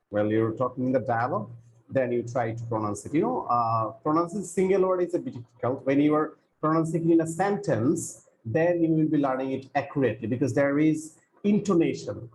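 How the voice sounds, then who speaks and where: A man's voice: mid-range voice, a little mellow, slight background noise, low-quality recording. A man teaching an online English class, explaining patiently and repeating key phrases. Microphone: video call.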